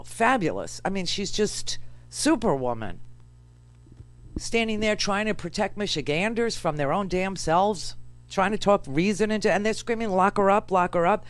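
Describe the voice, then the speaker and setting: A woman from New York hosting political talk radio, sarcastic and animated, full of rambling asides. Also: fairly low pitch.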